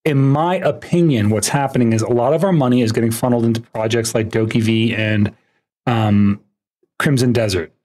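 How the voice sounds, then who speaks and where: A man's voice: mid-range voice, normal speed, a little mellow. A man doing casual live-stream commentary while reacting to a video, laughing often and teasing.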